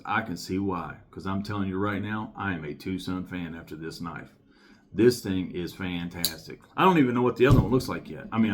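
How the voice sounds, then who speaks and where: A man giving a casual knife review to camera, talking emphatically and enthusiastically and repeating his points. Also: fairly low pitch.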